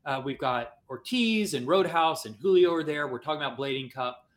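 A man hosts a casual livestream podcast, talking in a slightly higher register. He rambles along in an upbeat, chatty way, circling back to his points. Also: expressive, a little fast. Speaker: podcast host.

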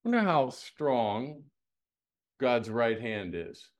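This man leads a Bible lesson before a live group, keeping it conversational, spirited, and down-home. His voice sits in the middle range and moves very slowly, peppered with rhetorical questions and folksy jokes.

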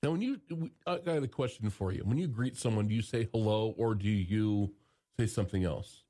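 A man from Montana co-hosting a casual radio show, telling stories in an easy, drawn-out way and repeating phrases. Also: fairly low pitch, dark tone. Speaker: radio co-host.

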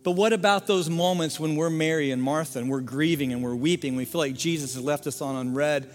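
A man, a lead pastor, preaching a sermon, swinging from hushed quiet passages to loud fervent appeals and sometimes singing a line. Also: fairly high pitch, a little fast, long reverb tail, soft background music.

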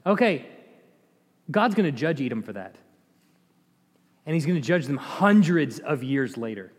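Man, Bible teacher, conversational, quizzes audience, bright voice, hall reverb. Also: a little high, sing-song, measured pace.

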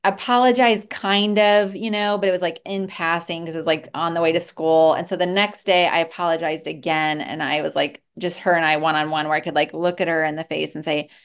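Low, gravelly woman talking candidly. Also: steady tone, a little fast, hardly any pauses. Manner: candid and reflective, with many restarts. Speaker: guest, therapist and mother. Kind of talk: casual conversational interview.

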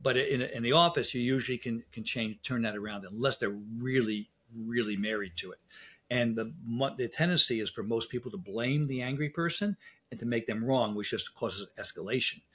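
A man's voice: mid-range voice, a little fast, fairly bright tone, husky. A middle-aged man, a dental specialist, chatting as an interview guest and telling stories with acted-out exchanges. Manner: anecdotal, speaks in quoted exchanges. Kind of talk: casual interview talk.

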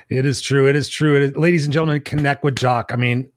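A man's voice: medium pitch, steady tone, fairly quick, no room sound. An effusive man hosting a live talk show, with a mid-range voice. He sounds enthusiastic and swears casually. The sound is dry and close. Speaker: podcast host.

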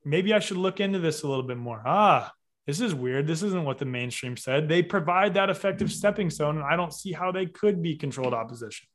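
A man's voice: fairly high pitch, animated, a little fast. A man speaking as an interview guest, making his case in an emphatic, methodical, lecturing way. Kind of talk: interview argument.

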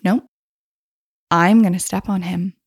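A woman's voice: lowish voice, steady tone, a little slow, breathy edge, no room sound, studio quality. A woman voicing a cheeky, stubborn female donkey who talks bluntly and defiantly.

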